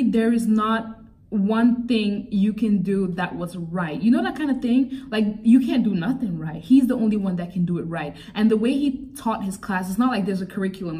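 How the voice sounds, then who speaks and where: A woman's voice: medium pitch, distant mic. Young woman telling a story, set back from the mic. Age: young adult. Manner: animated, exasperated, laughs often, acts out quotes. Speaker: vlogger. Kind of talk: casual storytelling.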